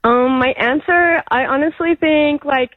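A woman's voice: sits high, measured pace, dry recording, narrow, tinny audio. A woman calling in to a radio show, answering hesitantly in a put-on American accent. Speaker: radio caller.

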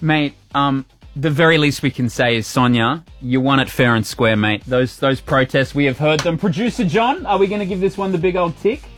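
A middle-aged man hosting a breakfast radio show, chatty and warm, repeating words as he talks. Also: a little high, moderate pace, soft background music. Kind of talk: casual radio chat. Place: radio studio.

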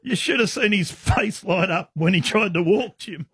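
Teasing radio host. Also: male voice, high-pitched, normal speed, fairly bright tone, breathy edge, no room sound, studio quality. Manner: joking, teasing. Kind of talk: casual radio chat.

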